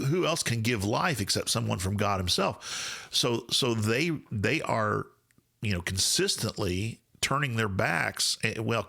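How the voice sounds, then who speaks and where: Bright-voiced man explaining scripture. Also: on the low side, vocal fry. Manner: thoughtful, explanatory, frequent restarts. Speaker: podcast co-host, Bible teacher. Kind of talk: casual Bible discussion.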